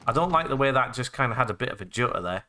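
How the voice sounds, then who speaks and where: Lively, bright-voiced British gamer. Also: male voice, mid-range voice, very fast. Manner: goofy, swears playfully, narrates own actions in past tense, sudden squeals. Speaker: let's play gamer. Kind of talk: comedic gameplay commentary with self-narration.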